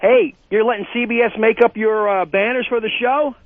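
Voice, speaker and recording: Male phone caller, high voice, rambling and goofy, tinny dry phone line. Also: fairly even intonation, a little fast, dry recording. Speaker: regular caller. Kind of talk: call-in chat. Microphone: telephone.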